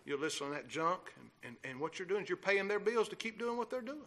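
A man preaching a sermon, swinging from low, steady talk into fiery shouting. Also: quick pace. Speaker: pastor.

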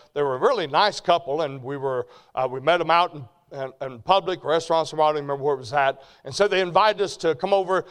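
An older man preaching a sermon, telling folksy stories that drop quiet and then rise to loud shouts. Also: mid-range voice. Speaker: preacher and ministry president. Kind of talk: storytelling sermon.

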